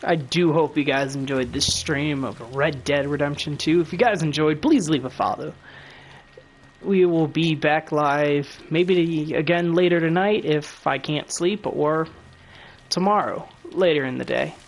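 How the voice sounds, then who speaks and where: Male game streamer, slightly higher voice, relaxed and chatty with viewers. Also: a little slow, rough recording. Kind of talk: casual gameplay stream talk.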